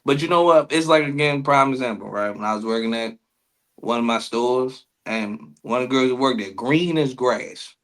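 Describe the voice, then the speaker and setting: A man co-hosting a casual comedy podcast, telling animated stories, acting out quotes and swearing freely. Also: mid-range voice, moderate pace. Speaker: podcast co-host.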